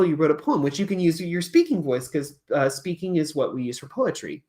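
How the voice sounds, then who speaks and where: A woman's voice: low-pitched, lively intonation, brisk, few pauses, warm tone. A woman who teaches music to kindergartners, explaining her classroom puppet lessons in a chatty, storytelling way from a small office.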